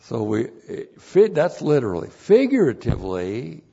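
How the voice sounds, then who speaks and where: Gravelly-voiced man teaching Greek Bible words. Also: on the low side, sing-song, unhurried, few pauses, lo-fi sound. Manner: spells out Greek words, bursts into loud emphatic phrases. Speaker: pastor.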